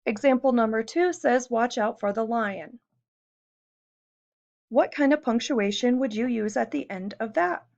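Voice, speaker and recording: On a dull lo-fi recording, a woman teacher with a fairly high, gravelly, darkish voice talks a little slowly, guiding her class patiently step by step and asking them questions.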